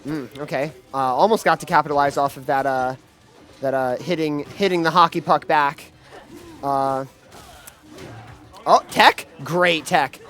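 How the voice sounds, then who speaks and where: Higher-voiced man calling a fighting game live. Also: measured pace, long pauses, faint music behind. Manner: excitable, many fillers and restarts. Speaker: esports commentator. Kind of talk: live play-by-play commentary. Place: gaming event venue.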